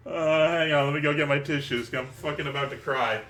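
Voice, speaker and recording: A man hosting a let's play, reading a visual novel aloud and breaking off into excited, laughing, swearing reactions. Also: on the high side, fairly quick.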